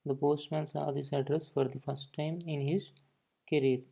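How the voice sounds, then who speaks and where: A man's voice: on the high side, flat delivery, normal speed, gravelly, dark tone. A man teaching a grammar lesson, explaining points and often saying "okay" between them. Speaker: English teacher.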